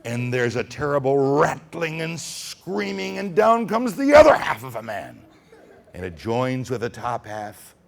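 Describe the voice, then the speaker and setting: A man telling stories to children at a school, dramatic and animated, swinging from whispers to booms. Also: unhurried, vocal fry. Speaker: storyteller. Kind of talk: storytelling to children.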